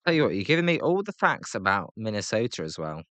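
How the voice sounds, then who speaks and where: Bright-voiced British man calling baseball. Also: fast, dry recording. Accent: British English. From Britain. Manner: chatty, excitable calls on big plays, fillers between pitches. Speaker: live reaction commentator. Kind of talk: live play-by-play reaction.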